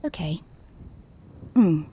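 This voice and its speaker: A woman's voice: fairly low pitch, lively intonation, drawn-out words, mellow, breathy edge. A woman playing a theatrical voice coach in a game role-play, speaking in a poised, lecturing manner. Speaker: voice coach character.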